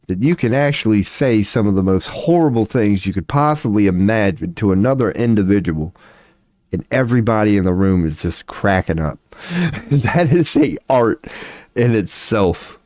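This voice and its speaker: A man in his forties talks loosely on a livestream, swearing freely and laughing as he rambles. His voice sits on the low side. The sound is dry, with no room echo. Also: animated, moderate pace, a little mellow. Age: 40s. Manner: rambling, profane, laughs often. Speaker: streamer. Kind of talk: casual livestream chat.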